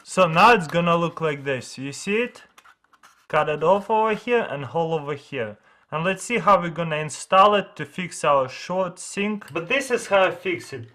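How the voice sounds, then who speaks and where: High-voiced man eagerly showing hacks. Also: lively intonation, normal speed, sharp tone, poor audio. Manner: enthusiastic, loose non-native grammar; chats to his dog while filming. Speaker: vlogger demonstrating life hacks. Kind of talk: casual how-to demonstration.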